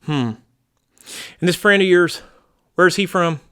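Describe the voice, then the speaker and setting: A man's voice: sits high, a little slow, bright, forceful tone, clear, resonant tone, pitched above the performer's own voice. A man playing a brash, gun-loving rural American man in a comedy sketch, blustering, crude and folksy. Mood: gruff.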